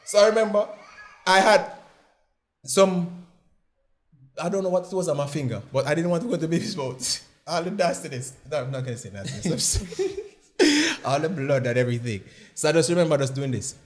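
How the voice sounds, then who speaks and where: High-voiced man telling a story. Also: a little fast. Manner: lively, laughs often, acts out voices in his story. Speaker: interview guest, father. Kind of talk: animated personal storytelling.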